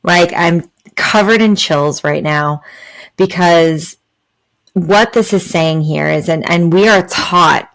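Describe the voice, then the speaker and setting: Earnest woman podcast host, lowish voice. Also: slow pace, low-quality recording. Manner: earnest, many fillers and "right?" asides. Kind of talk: spiritual talk, reflective and explanatory.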